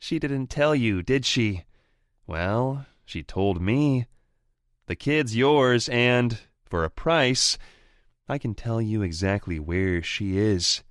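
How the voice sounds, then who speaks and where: A man voicing a desperate, mocking male rival who taunts and yells down a phone line in an audiobook. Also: mid-range voice, expressive, slow pace, no echo, clean studio sound, pitched above the performer's own voice. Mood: gloating. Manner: mocking, shouting, cackling.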